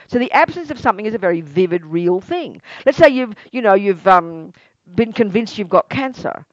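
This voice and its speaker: Animated woman teaching Buddhist ideas. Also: mid-range voice, no room sound, lo-fi sound. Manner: lively, asks many rhetorical questions; acts out everyday exclamations. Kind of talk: teaching a meditation course.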